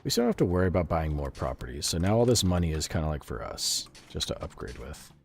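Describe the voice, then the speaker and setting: Quick and gravelly, a rumbling low voice with wildly swooping pitch belongs to an American man streaming a video game. He keeps up casual live commentary, laughing often, swearing freely and responding to his chat.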